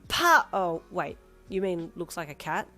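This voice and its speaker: A woman voicing a blunt young woman who calls out lively and turns flat when annoyed. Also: on the low side, a little slow, faint music behind, heavily acted.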